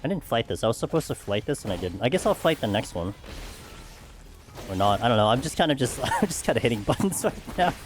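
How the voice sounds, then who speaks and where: A man's voice: mid-range voice, big pitch swings, fast, background noise. A man streaming a game, chatting casually with friends in a loose, rambling way and laughing often. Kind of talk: casual chat while gaming.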